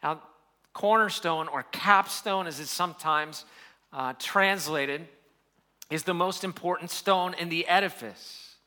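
Man, pastor, sermon, bright ringing voice, slightly high pitch. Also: unhurried. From United States. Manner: preaching with rising emphasis, reading scripture aloud.

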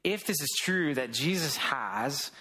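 A man preaches a sermon in a loose, conversational way, often restarting his sentences as he talks it through. His voice sits a little high for a man. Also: expressive, unhurried, sharp tone. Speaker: pastor.

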